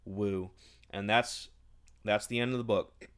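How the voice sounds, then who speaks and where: A man's voice: lowish voice, steady tone, measured pace, a bit bright, clean tone. A man recapping a novel in a casual, sarcastic and exasperated rant. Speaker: book reviewer.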